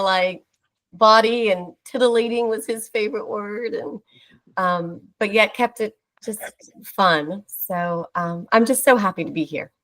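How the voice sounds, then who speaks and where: A woman's voice: medium pitch, a bit bright, poor audio. A middle-aged woman, a former actor, speaking on a video call, gushing and close to tears. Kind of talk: casual video-call chat.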